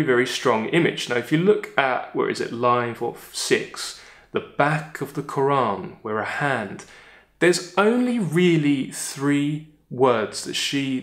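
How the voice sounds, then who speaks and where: A man teaching literature, talking through a poem in a chatty way, often checking in with "all right?" and reading quoted lines slowly. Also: mid-range voice, a bit bright, echoey room. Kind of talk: poem analysis lesson.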